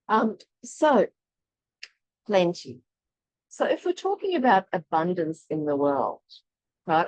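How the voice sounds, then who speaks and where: A woman from Eastern Europe leading an online workshop, talking in a chatty, animated way and laughing often. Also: on the low side, no room sound, muffled recording. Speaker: workshop leader. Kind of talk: casual online workshop teaching.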